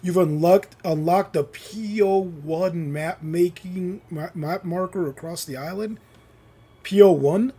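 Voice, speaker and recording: A man's voice: high voice, slow, dark tone, husky. A man streaming a game live, giving casual, chatty commentary and often saying "man".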